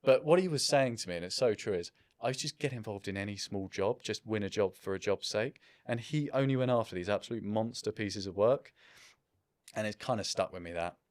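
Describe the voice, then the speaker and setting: A man's voice: lowish voice, a little fast, no echo, studio quality. A man in his thirties, a business founder, talking in a casual interview in a reflective, self-deprecating way.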